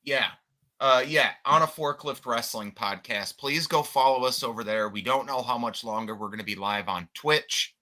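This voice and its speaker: A man's voice: medium pitch, moderate pace, bright, forceful tone. A man from Michigan co-hosting a wrestling podcast, chatting casually and bluntly while promoting the channel. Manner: plugs the channel, blunt and cussing. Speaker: podcast co-host.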